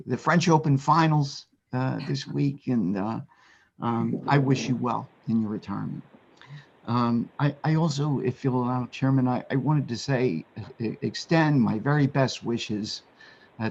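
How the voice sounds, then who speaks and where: A man speaking as a commissioner at a public meeting, offering sincere remarks haltingly, with many restarts. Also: mid-range voice, gravelly, a little mellow, husky, lo-fi sound.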